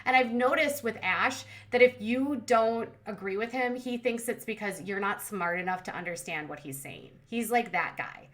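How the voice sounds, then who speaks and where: An adult woman hosting a commentary channel, recapping a reality show in a quick, sarcastic, casual way. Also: medium pitch, a bit bright. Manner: fast-talking, sarcastic.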